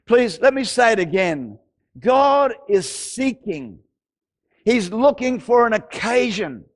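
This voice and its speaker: Cast: Australian male pastor, very high voice, fervent, repeats himself, builds to shouted exhortations. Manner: impassioned, repeats phrases, rises to shouts. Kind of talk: sermon.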